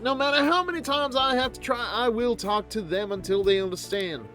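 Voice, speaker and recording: A man's voice: very high voice, a little fast, fairly bright tone, faint music behind, pitched above the performer's own voice. A man reading as Chihaya, an earnest young fortune teller. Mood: heartfelt. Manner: solemn and heartfelt, lapsing now and then into a blunt country dialect. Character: earnest young woman fortune teller, once a cult's revered maiden. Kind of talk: reading game dialogue aloud on stream.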